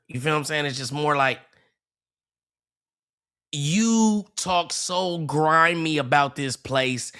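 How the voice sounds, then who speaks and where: A man's voice: fairly high pitch, pushed and bright, clean tone. A man reacting to a clip on his livestream, mocking and repeating himself, stumbling over restarts. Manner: mocking, repetitive, stammers and restarts. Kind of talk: heated livestream commentary.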